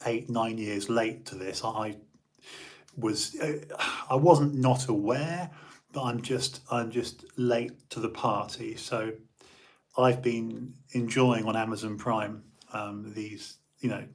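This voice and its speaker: A man's voice: lowish voice, fairly even intonation, slow pace. An English man hosting a livestream, chatting casually and rambling with lots of fillers and restarts. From England. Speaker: livestream host. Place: home.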